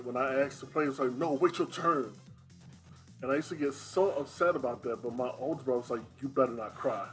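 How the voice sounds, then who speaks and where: A man speedrunning on a livestream, talking casually in a slow, relaxed way with lots of fillers. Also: medium pitch.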